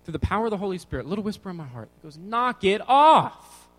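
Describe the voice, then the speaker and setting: A man's voice: high voice, very fast, poor audio. A young man giving a casual, jokey sermon to teenagers as a youth pastor, talking with energy. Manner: energetic, jokey, bouncing around.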